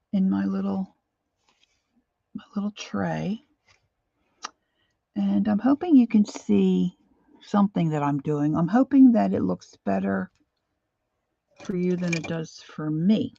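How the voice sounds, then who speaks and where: A middle-aged woman chatting casually and self-deprecatingly while she draws, halting with fillers as she works. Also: medium pitch, gravelly, mellow, dull audio, a little hiss or hum. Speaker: art journaling vlogger. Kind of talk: casual live drawing chat.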